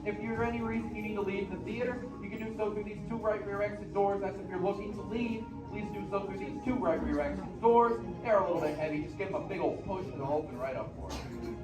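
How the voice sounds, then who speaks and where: A man's voice: high voice, fast talker, recorded from a distance, music in the background. A man working as a theme park cast member, giving a friendly safety briefing to an audience in an indoor theater. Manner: friendly instructive, addresses kids. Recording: echoey theater from afar, noisy.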